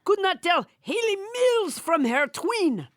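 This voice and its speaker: A woman's voice: very high voice, big pitch swings, slow, no room sound, studio quality, voice pushed up, heavily acted. A woman voicing a pompous male puppet president with a French tinge, boasting and proclaiming. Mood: blustering. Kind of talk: improvised puppet bit.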